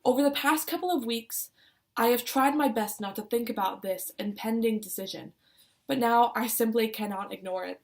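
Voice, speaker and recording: A woman's voice: on the high side, moderate pace, vocal fry, a little mellow. A young woman reading her own personal essay aloud, putting feeling into her quoted lines. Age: young adult. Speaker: student reader.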